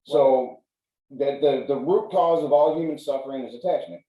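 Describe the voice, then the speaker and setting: A man's voice: mid-range voice, normal speed, lo-fi sound. A man hosting a casual podcast chat, philosophizing in a profane, frank way. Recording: roomy sound, mic at a distance.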